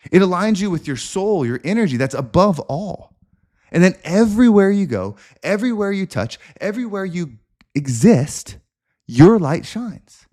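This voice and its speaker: A man's voice: a little high, mellow. A man hosting a podcast, delivering an intense, repetitive motivational monologue with preacher-like emphasis. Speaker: podcast host.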